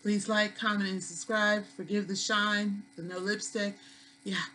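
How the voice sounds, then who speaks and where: A woman's voice: medium pitch, flat delivery, a little slow, sharp tone, slight background noise, low-quality recording. A woman with a New York accent, chatting casually to viewers in a product haul vlog, folksy and talkative. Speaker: vlogger.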